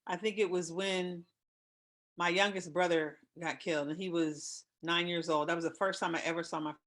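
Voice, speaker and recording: A woman in her fifties hosting a casual talk show, telling personal stories in an emotional, expressive way. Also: fairly low pitch, normal speed. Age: 50s. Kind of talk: casual chat.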